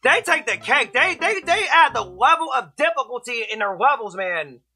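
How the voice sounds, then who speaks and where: A young man commentating his platform gameplay, ranting and yelling at the game as he fails levels. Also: extremely high pitch, sing-song, moderate pace, breathy edge, soft background music. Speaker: streamer playing a platform game.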